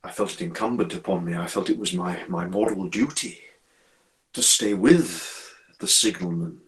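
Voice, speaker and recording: A man narrating a story in a measured, formal manner, with occasional restarts. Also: deep voice. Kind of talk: performed storytelling.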